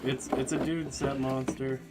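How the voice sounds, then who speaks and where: A man's voice: mid-range voice, little pitch movement, normal speed, heavy background noise. A man playing in a tabletop game who teases and jokes. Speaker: player. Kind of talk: casual tabletop game chat.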